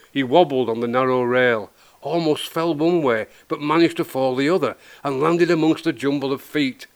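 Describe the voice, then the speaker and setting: Guy reading his own kids book out loud, lots of expression. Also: medium pitch. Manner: expressive storytelling. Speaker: author.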